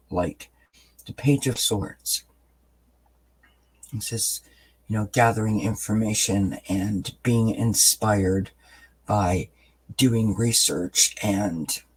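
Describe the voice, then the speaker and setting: A man doing a tarot card reading for his channel, explaining each card in a calm, unhurried way with pauses and fillers. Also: on the low side, husky, rough recording. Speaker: tarot reader.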